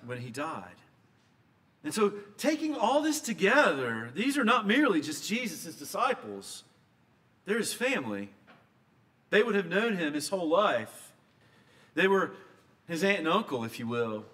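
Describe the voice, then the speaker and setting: A man preaching a sermon, telling a scripture story and moving between hushed and emphatic delivery. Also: sits high.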